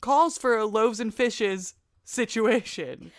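Woman, co-host, casual chat, wisecracking asides, fairly high voice. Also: slow pace.

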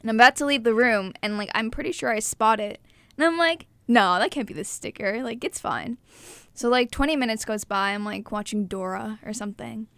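A young woman telling a story in casual podcast chat, acting out what people said with lively energy. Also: on the high side, brisk, gravelly, clean tone, no echo. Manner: animated, acts out quotes.

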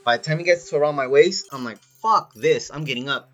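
A man's voice: fairly high pitch, very fast, soft background music. A man telling a story in casual chat, swearing freely and saying "dude" all the time. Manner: swears a lot, animated, says "dude" often.

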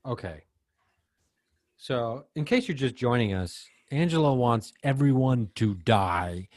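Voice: medium pitch, lively intonation, slow pace, a little mellow. A co-host in casual chat, with a dry, teasing manner and playful asides. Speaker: podcast co-host.

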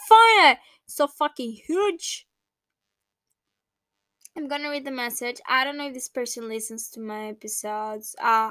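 Young woman, high voice, podcast host; rambling, emotional, casual, dry close sound. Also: sharp tone, no echo. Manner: rambling, emotional, laughs and swears.

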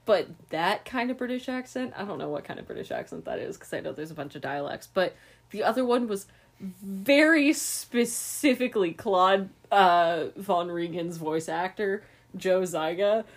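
A woman's voice: mid-range voice, moderate pace. A woman co-hosting a podcast, gushing and giggling as she rambles casually about favorite characters. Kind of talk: casual chat about books.

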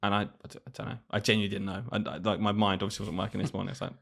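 A man's voice: on the low side, level tone, very fast, gravelly, fairly bright tone. A man, co-hosting a podcast as a teacher, telling classroom stories in a casual chat and laughing often. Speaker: podcast co-host, primary school teacher.

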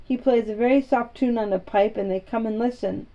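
Woman playing a blunt curious little girl, slightly raised pitch, mellow, dull lo-fi sound, storybook. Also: brisk, lightly acted. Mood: earnest. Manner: plain-spoken, earnest storytelling. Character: contrary, frank young girl, curious and blunt.

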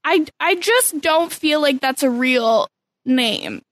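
Canadian woman podcasting, kinda high voice, dry close mic, wry and playful. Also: expressive, slow pace, a bit bright, dry recording. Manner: wry, playful, with frequent fillers. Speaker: podcast co-host. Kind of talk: casual chat.

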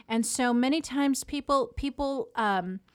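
A woman hosting a casual faith podcast, reading scripture aloud and talking it over earnestly with pauses and fillers. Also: sits high. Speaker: podcast host.

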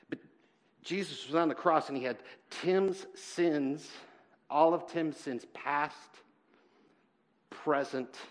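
A man preaching a sermon in church, earnest and halting, swinging between loud emphasis and quiet, heavy moments. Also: mid-range voice. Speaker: pastor.

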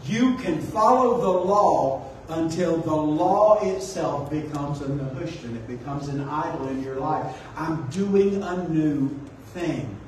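A man's voice: a little high, slow, a little hiss or hum, pitched below the performer's own voice. A man voicing God in a sermon, speaking firmly and declaring. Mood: solemn. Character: God speaking to his people, commanding. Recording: echoey room, distant mic.

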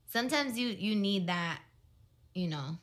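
A woman's voice: medium pitch, animated, measured pace, fairly bright tone. A young adult woman chatting casually as a podcast co-host, frank and talkative. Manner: frank, talkative, many "like" fillers. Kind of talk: casual chat.

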